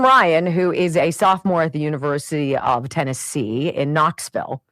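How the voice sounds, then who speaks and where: A middle-aged woman hosts a radio show, spinning a family story in a low-pitched voice that swings widely up and down. She talks in an exasperated, animated way and acts out the other people's lines. The sound is close and dry. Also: no echo. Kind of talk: storytelling monologue.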